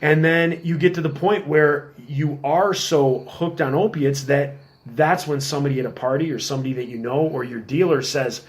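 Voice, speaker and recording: A middle-aged man telling stories in a casual podcast chat, working as a police officer, animated and acting out quotes. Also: on the high side, moderate pace. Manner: animated storyteller, acts out quotes in a raised voice.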